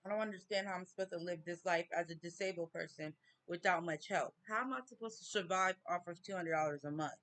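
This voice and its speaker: A woman, talking slowly and haltingly in a personal vlog rant, near tears. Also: on the low side, a bit bright. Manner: slow, halting, tearful grief. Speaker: vlogger.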